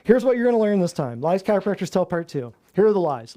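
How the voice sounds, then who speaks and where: A man presenting a class as host, energetic and wry, laughing at the claims he lists. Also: sits high, fast talker. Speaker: chiropractor host of a natural health class.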